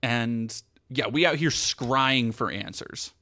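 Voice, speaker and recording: A man's voice: medium pitch, takes it slowly, bright, forceful tone. A man giving casual, sarcastic, profane commentary on video clips as a streamer.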